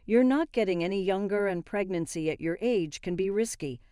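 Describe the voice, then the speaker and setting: A woman voicing a disapproving middle-aged mother in a measured, slow way. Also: medium pitch, dark tone, clear, resonant tone, no echo, clean studio sound, lightly acted. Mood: insistent.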